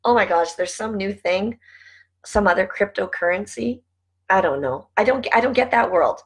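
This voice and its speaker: A woman's voice: medium pitch, moderate pace, breathy edge, rough recording. A middle-aged woman talking casually to camera, chatty and rambling, laughing often as she goes off on asides. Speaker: vlogger and network marketing team leader.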